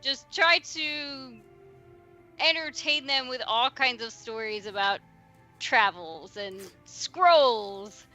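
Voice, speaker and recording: High, slow-talking woman gamer. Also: bright, forceful tone, soft background music. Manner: chatty, laughing, stammers. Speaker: player. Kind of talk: playing a tabletop game.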